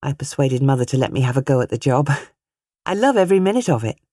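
A woman voicing a shy, bright young gardener. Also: rumbling low, big pitch swings, quick pace, no room sound, studio quality, exaggerated voice. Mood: shy eager. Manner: bright, eager, a little shy.

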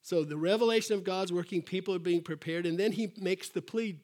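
A man preaching with an animated delivery and a slightly high-pitched voice. He acts out quotes in a raised voice, then drops to soft, quiet asides. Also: brisk. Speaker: pastor. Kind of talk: sermon.

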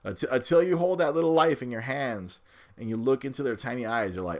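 A man's voice: medium pitch, brisk, darkish tone. A man in his thirties, a new father, talking casually and rambling, repeating words as he goes and often laughing at himself. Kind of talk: casual chat.

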